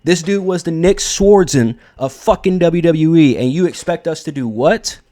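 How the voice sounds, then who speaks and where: A man's voice: a little high, moderate pace, dark tone. Blunt, profane young man ranting. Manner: blunt, profane, emphatic with frequent fillers. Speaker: wrestling commentary host. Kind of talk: casual opinion commentary.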